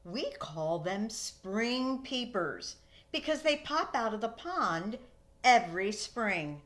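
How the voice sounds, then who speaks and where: A kindly, patient father who gently teases his little boy, as a woman reading a storybook voices him. His speech is slow and warm, rising and falling in a lively way, with little change from the reader's own voice. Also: on the high side, full character voice. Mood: gentle. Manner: calm, kindly, lightly teasing.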